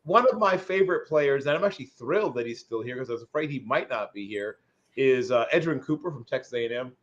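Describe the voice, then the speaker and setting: A man chatting on a mock draft show, talkative and quick to laugh. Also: medium pitch, lively intonation, muffled recording. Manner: chatty, laughs easily, lots of fillers. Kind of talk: casual chat.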